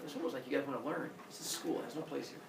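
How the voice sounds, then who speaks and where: A man teaching a class, mixing a lecture with comic storytelling, acting out voices and sound effects in an animated, jokey way. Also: medium pitch, very fast. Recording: roomy echo, mic far off, faint room noise.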